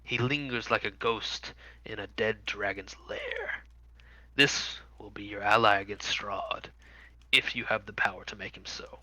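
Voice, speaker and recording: A man voicing a cryptic old crone fortune teller, speaking slowly in an ominous half-whisper. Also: on the low side, sing-song, bright, forceful tone, no echo, heavily acted, low-quality recording. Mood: foreboding.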